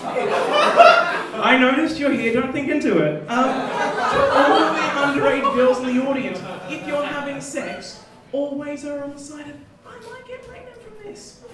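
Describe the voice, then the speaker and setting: A young man doing a stand-up comedy set at a live venue, with a mocking delivery and sudden shouted outbursts. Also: very high voice, sing-song, unhurried, over a noisy crowd. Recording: echoey room from far off, noisy.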